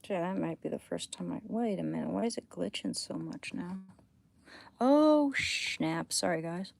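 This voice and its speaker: Slow, gravelly-voiced woman streaming late at night. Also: fairly low pitch, expressive. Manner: rambling, drifting between thoughts while reading chat; often drops to a hushed near-whisper. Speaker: livestreamer. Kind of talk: casual late-night livestream chat.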